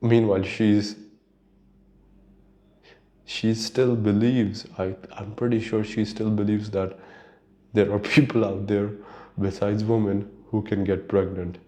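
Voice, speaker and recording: Slow, dark, and fairly low, this podcast host speaks in a level tone and pauses often. His casual solo monologue is rambling and profane, and he laughs at his own stories.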